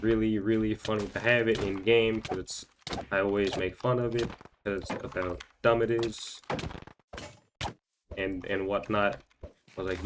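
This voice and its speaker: A man's voice: medium pitch, steady tone, measured pace, background noise. A young man telling a rambling story during gameplay commentary, full of fillers and stumbling repeats. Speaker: gaming channel host.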